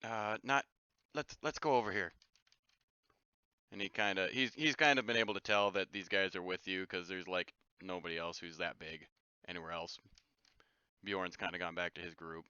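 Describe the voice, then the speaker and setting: Man game master, loose halting narration, dull lo-fi audio. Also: low-pitched, fairly even intonation, pushed and bright, smooth, no room sound. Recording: dull, lo-fi dry sound.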